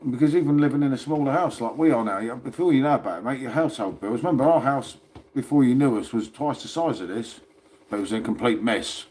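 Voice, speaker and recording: A man's voice: mid-range voice, quick pace, darkish tone. Rambling man chatting on a phone stream. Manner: chatty and rambling, calls viewers "mate". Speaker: livestream host. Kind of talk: casual livestream chat.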